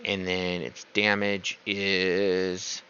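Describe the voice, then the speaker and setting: A man with a gravelly voice, playing in a casual tabletop game. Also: sits low, completely flat delivery, very slow, pushed and bright. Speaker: player. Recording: dull, lo-fi mic with faint noise.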